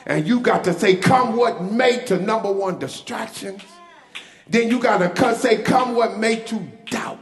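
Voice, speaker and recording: A male pastor preaching a sermon, leading the congregation in call-and-response and building to shouts. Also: high-pitched, a little slow. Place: church sanctuary. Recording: echoey church hall with music.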